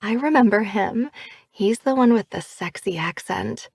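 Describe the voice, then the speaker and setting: A woman's voice: mid-range voice, a little slow, creaky, darkish tone, breathy edge, no echo, clean studio sound. A woman reading as a sweet, friendly young woman in an audiobook. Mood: charmed.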